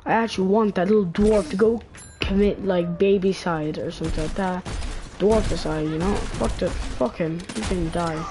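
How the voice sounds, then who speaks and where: Slow-talking, profane female game streamer. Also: fairly low pitch. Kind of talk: live gameplay commentary.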